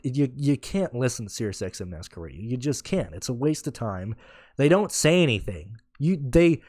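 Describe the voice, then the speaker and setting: A man's voice: mid-range voice, darkish tone, no room sound, clean studio sound. A man ranting in a casual podcast, blunt and sarcastic, swearing freely and rambling with restarts. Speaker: podcast host. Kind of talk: casual rant.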